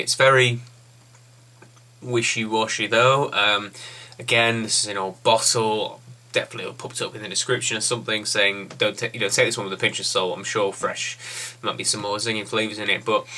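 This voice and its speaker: A man's voice: fairly low pitch, pushed and bright. A man giving a casual, blunt and rambling beer review.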